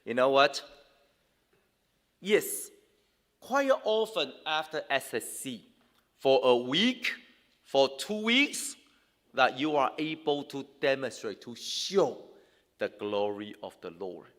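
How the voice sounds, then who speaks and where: A man's voice: medium pitch, lively intonation, slow pace, pauses often, a bit bright. A man preaching a sermon as a pastor, talking conversationally with many fillers and restarts. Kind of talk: sermon to young people. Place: church hall. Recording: long reverb in a hall.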